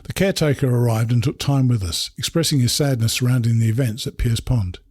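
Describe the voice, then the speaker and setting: Husky English man narrating a memoir. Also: medium pitch, darkish tone, dry recording, studio quality. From England. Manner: measured, reflective storytelling. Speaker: narrator reading his hiking memoir. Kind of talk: first-person memoir narration.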